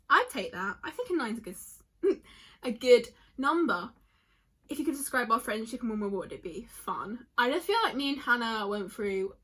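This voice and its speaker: A woman's voice: fairly high pitch, sharp tone. A young woman vlogging in a rambling, chatty way, reading out answers and getting emotional easily. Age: young adult. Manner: chatty, rambling, quick to tear up. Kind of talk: casual vlog chat reading answers aloud.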